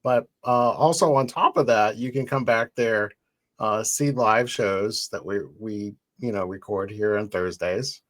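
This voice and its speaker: Low-voiced agreeable male co-host. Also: unhurried. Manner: laughing, agreeable sidekick. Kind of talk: live show chat.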